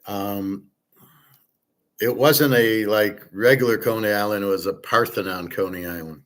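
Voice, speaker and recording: A host on the low side of the pitch range speaks a little slowly in a steady tone. His casual monologue is outspoken and opinionated, laced with swearing and fillers, often drifting off quietly at the end.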